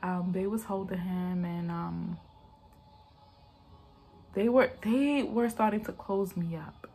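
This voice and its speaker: A woman's voice: fairly low pitch, slow, warm tone, soft background music. A woman vlogger telling a personal story in a casual, rambling way and talking straight to her viewers.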